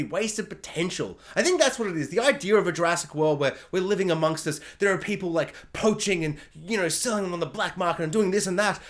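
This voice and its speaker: A man reviewing a film in a loose, rambling rant. His voice sits high and swings widely, and he keeps cutting himself off and breaking into goofy voices. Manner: rambling, excitable, self-interrupting, slips into silly character voices. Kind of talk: casual video review.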